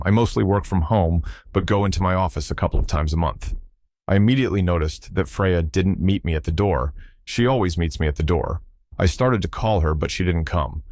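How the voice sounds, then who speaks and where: A man narrating a first-person story in a steady, even storytelling delivery. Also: low voice, no room sound, studio quality.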